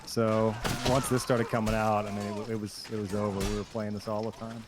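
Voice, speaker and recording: A man's voice: fairly low pitch, a little fast. A man who works as a voice actor, chatting casually and rambling a little while gaming. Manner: relaxed, rambling with fillers. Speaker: voice actor guest on a stream. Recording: noticeable background noise.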